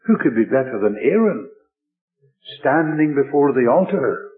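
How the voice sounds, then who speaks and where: A man's voice: medium pitch, big pitch swings. Man preaching over a tinny radio broadcast. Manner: measured, emphatic preaching with repetition. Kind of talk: sermon.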